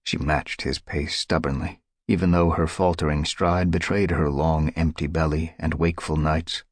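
A man narrating an audiobook in a dramatic, measured way. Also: a bass voice, level tone, no echo, clean studio sound. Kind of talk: scripted narration.

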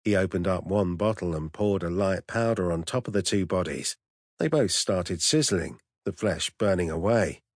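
Low raspy guy reading a fantasy audiobook, steady pace, dry no-room sound. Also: normal speed, dry recording. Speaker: audiobook narrator. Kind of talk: scripted narration.

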